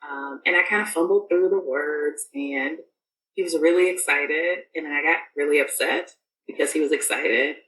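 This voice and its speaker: A woman's voice: low-pitched, expressive, moderate pace, a bit bright, roomy sound, distant mic, a little hiss or hum, poor audio. A woman guest on a podcast, telling a personal story in casual, rambling speech full of fillers and restarts.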